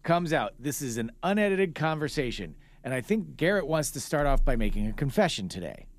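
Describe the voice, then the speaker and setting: A man's voice: a little high, big pitch swings, a little fast. A man hosting a radio-station podcast, chatting casually and teasing his co-hosts with questions. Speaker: radio host.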